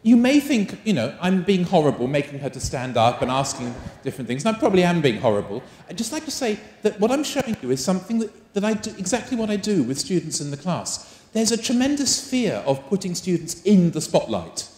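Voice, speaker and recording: A man's voice: high-pitched, a little fast, few pauses. Man, teacher trainer, live workshop, coaxing questions, roomy hall echo. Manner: animated, coaxing, asks the room many questions. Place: large conference hall.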